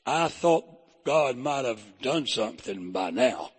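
A man's voice: mid-range voice, animated, slow pace, breathy edge, big-room sound, pitched below the performer's own voice. A preacher voicing Abednego as a worried, hesitant young man. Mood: uneasy. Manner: hesitant, uneasy.

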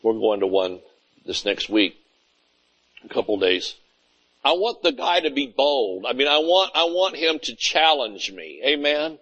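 A man's voice: mid-range voice, very animated, measured pace, a bit bright, highs cut off. A man preaching a conversational sermon, often asking "Amen?" and acting out little scenes of everyday talk. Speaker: pastor.

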